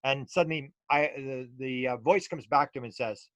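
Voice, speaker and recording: A man's voice: medium pitch, moderate pace, few pauses, a bit bright, no room sound. A middle-aged man, a UFO researcher talking as an interview guest and telling stories loosely with many restarts and fillers. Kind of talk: casual storytelling interview.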